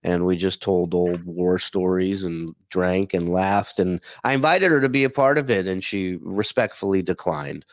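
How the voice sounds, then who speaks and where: A man talking as a guest over a video call, relaxed and chatty with the odd curse. His voice is on the low side. The sound is dry, with no room echo. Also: moderate pace, hardly any pauses. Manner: easygoing, chatty, swears casually. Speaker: guest, former radio show staffer. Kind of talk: casual chat.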